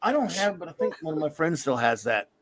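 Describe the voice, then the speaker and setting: Man in his fifties, somewhat high voice, animated storyteller, casual chat, dry close mic. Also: fast talker, dry recording. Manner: animated storyteller, breaks into laughter. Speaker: comics podcast host. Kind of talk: casual live-stream chat.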